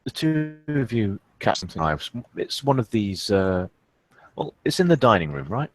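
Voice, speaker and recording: A man with a very low voice narrates as storyteller for a tabletop game. He stops and restarts as he searches for the right words. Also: big pitch swings, normal speed, no echo.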